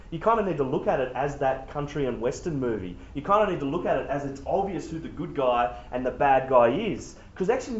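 A man's voice: a little high, a little mellow. A man preaching a sermon in an emphatic, conversational way. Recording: echoey, dull room recording.

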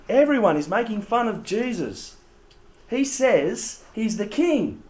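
A man's voice: very high-pitched, measured pace, a crowd in the background. A man giving a laughing, conversational Bible talk to young people as youth leader. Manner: animated, laughing, conversational preaching. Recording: roomy, slightly dull recording.

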